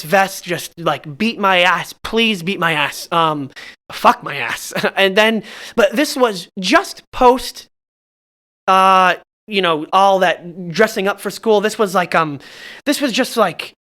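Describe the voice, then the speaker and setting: Bright, tense-voiced young man rambling. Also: sits high. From Southern California. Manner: halting, full of restarts, self-mocking. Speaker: podcast storyteller. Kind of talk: casual podcast chat.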